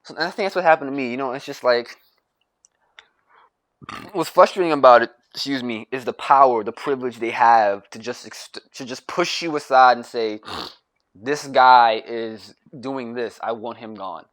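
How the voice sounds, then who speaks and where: A man's voice: medium pitch, normal speed, a bit bright. Young American guy, grumpy rambling rant, profane and repetitive. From United States. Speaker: vlogger.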